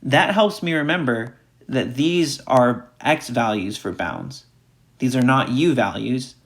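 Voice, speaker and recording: A man's voice: mid-range voice, lively intonation, slow pace, a bit bright. Male math instructor, mid-range voice, recorded lecture, methodical and repetitive. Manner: talks through steps aloud, repeats key points.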